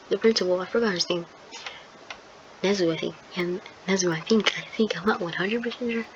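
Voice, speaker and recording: Woman, rambling hesitant storyteller, casual retelling, muffled sound, noisy background. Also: medium pitch. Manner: rambling and hesitant, many fillers. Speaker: video creator. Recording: dull lo-fi sound with clear background noise.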